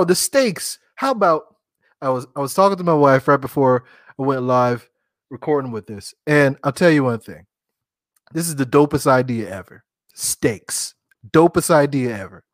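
A man's voice: a little high, dry recording, studio quality. A man hosting a podcast, chatting casually about cooking, joking, laughing at himself and talking straight to his listeners. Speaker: podcast host.

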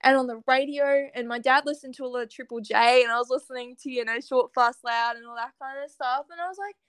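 A woman's voice: high-pitched, quick pace, fairly bright tone, smooth, no echo. A young woman, a musician guest chatting casually and laughing often. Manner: chatty, giggly, lots of fillers. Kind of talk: casual interview chat.

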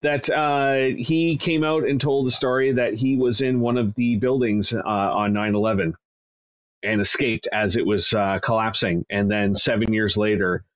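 A man's voice: on the low side, steady tone, normal speed. A man co-hosting a podcast in casual chat, wry and joking as he tells stories. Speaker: podcast co-host. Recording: dull lo-fi mic with faint noise.

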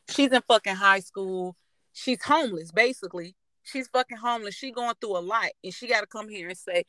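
A young woman hosting a casual podcast, venting in blunt, profane language. She acts out each person in her stories. Her voice sits at an ordinary pitch and sounds dry and close. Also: a bit bright, dry recording. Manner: profane, blunt, vents with quoted dialogue. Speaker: podcast host. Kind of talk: casual storytelling chat.

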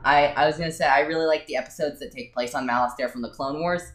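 A man's voice: a little high, quick pace, a bit bright. A man co-hosting a casual podcast chat, hesitating with many ums and restarts. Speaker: podcast co-host. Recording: roomy echo.

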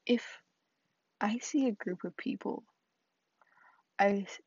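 A woman's voice: mid-range voice, takes it slowly, darkish tone, slightly rough, dry recording, highs cut off. A young woman hosting a solo podcast, rambling and self-deprecating, often dropping into a whisper. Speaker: podcast host.

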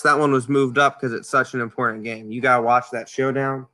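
A man guest on a casual podcast, talking in an animated way with frequent restarts. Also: mid-range voice, a little fast, hardly any pauses.

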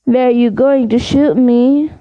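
A woman's voice: a little high, steady tone, slow, dry recording, muffled recording. A woman voicing a solemn, cryptic male centaur who speaks in grave riddles.

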